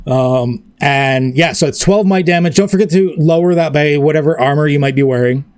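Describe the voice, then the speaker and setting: A man's voice: on the high side, brisk, a little mellow, clear, resonant tone, no echo, studio quality. Rambling man running a tabletop game. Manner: rambling, loose, full of fillers. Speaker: game master.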